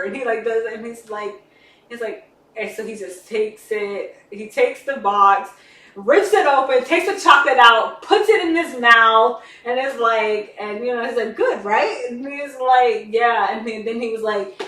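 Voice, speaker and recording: Animated woman in an echoey room. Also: unhurried. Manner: animated, acts out characters' lines with swings in pitch and loudness. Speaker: podcast co-host. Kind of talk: casual chat, retelling a story. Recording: echoey room, distant mic, faint background noise.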